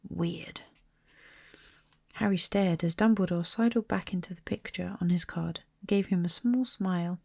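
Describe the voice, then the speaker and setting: A woman reading a storybook aloud in a soft, slow ASMR manner, partly whispered. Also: on the low side, vocal fry, dry recording, clean studio sound. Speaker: storybook reader.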